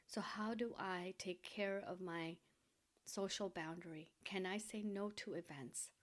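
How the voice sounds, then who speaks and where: Gentle advice comes from a middle-aged woman podcast host whose voice is fairly low in pitch. She speaks softly and slowly, reassuring listeners, and frequently sinks into a whisper.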